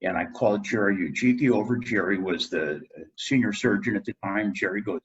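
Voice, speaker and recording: Middle-aged male guest, husky low voice, lively storyteller doing quotes, muffled lo-fi recording. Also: fairly quick, hardly any pauses. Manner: animated storyteller, acts out quotes. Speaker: guest dentist. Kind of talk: storytelling in a podcast interview.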